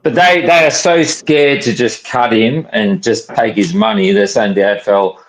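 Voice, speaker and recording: A man in casual chat on a call, making his points in a measured, reasoning way. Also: fairly low pitch, rough recording.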